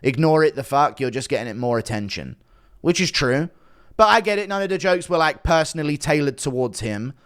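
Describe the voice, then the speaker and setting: A man's voice: fairly high pitch, expressive, brisk, a bit bright, clear, resonant tone. A man ranting casually as an online commentator, defensive and sarcastic, swearing often. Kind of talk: casual rant to camera.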